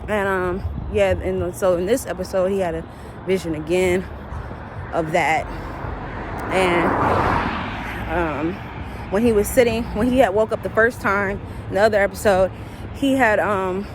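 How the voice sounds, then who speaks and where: A woman talking through a casual, emotional TV episode recap, shrieking at big moments and dropping to quiet murmurs at sad ones. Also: medium pitch. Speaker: TV recap vlogger. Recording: steady background traffic noise.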